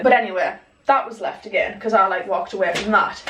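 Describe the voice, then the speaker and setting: A young woman telling a story in casual chat, animated, swearing and acting out what people said. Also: on the high side, quick pace. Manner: animated, swears a lot, acts out quotes. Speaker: vlogger. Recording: echoey room, mic at a distance.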